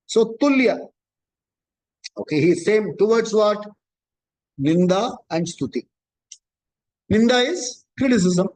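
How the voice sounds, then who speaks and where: A man with a notably high voice leads a scripture talk. He explains patiently, circling back to repeat his key points. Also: animated, slow, pauses often, darkish tone, low-quality recording. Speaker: spiritual teacher. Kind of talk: scripture discourse.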